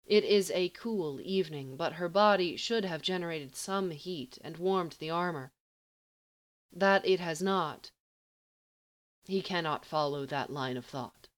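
A woman reading a story aloud in a measured, even way. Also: lowish voice. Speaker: narrator.

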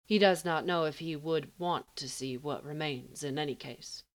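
A woman reading a story aloud in a measured, even way. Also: low voice. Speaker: narrator.

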